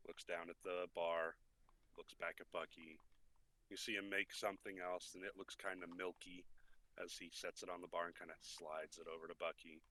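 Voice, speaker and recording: Deep-voiced man narrating at the table. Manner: steady descriptive narration of a side character. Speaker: player. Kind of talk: playing a tabletop game.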